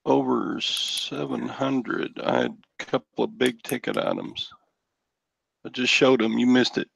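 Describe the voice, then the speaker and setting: A man's voice: mid-range voice, flat delivery, a little slow, creaky, fairly bright tone, slight background noise, poor audio. A man on a group video call, chatting plainly in casual talk. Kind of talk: casual chat.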